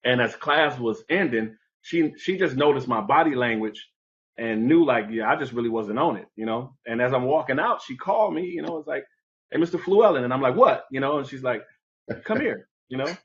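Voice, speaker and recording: A man telling a personal story as an interview guest, animated and conversational, acting out the people in it. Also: medium pitch, brisk, dull audio.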